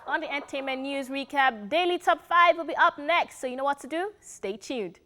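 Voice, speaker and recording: A woman's voice: high-pitched, a little fast, bright, forceful tone, soft background music. A Nigerian woman co-hosting a TV entertainment show, bantering in a chatty way and laughing often. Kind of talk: lively studio banter.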